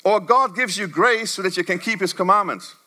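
A man preaching a sermon to a church congregation, swinging from low murmurs to high, emphatic bursts. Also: fairly quick, sharp tone.

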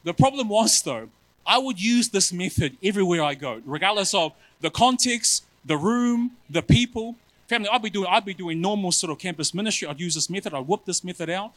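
A male preacher giving a sermon in an animated, self-mocking way, often calling his listeners family. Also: high-pitched, fast talker, dry recording, low-quality recording.

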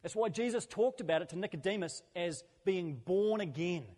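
A man's voice: high voice, moderate pace, a little mellow. A man preaching a sermon as a pastor, earnest and conversational, building his points through repeated phrases. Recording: long hall reverb.

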